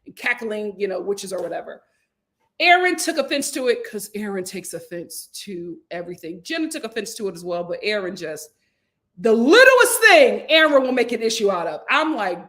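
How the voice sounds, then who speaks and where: Chatty, slangy woman reviewing reality TV. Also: brisk. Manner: chatty, slangy and expressive, jumping high for emphasis. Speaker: reality TV reviewer, channel host. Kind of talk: casual vlog commentary.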